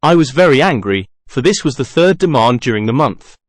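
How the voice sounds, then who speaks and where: Male audiobook narrator, first person, measured, middle pitch, close dry studio sound. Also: expressive, no echo.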